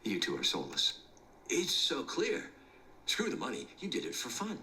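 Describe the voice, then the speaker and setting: A man's voice: mid-range voice, huge pitch swings, normal speed, gravelly, sharp tone, a little hiss or hum, exaggerated voice. An actor playing a bitter middle-aged male lawyer in a TV drama, scornful and accusing. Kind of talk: TV drama acting.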